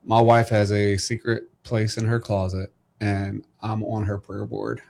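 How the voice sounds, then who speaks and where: Middle-aged man, podcast host, low and flat delivery, preacherly tone. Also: measured pace, vocal fry. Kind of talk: faith-centered casual chat.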